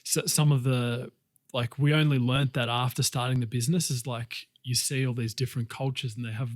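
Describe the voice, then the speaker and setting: A man's voice: mid-range voice, fairly even intonation, fairly quick, dry recording, studio quality. Podcast host guy, mid voice, talks loose with lots of likes and restarts. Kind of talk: casual podcast conversation.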